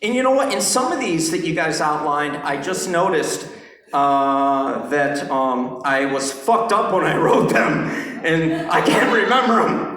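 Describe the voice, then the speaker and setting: A young man doing a rambling stand-up set on a club stage, halting often with fillers and giggles. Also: on the high side, lively intonation, fairly bright tone. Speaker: stand-up comedian. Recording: echoey club room.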